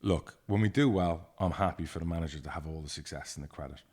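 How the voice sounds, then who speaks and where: A man's voice: low voice, quick pace, breathy edge. A man, a football club chairman, co-hosting a casual podcast and telling stories in a blunt, profane way. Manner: blunt, profane, lively storytelling.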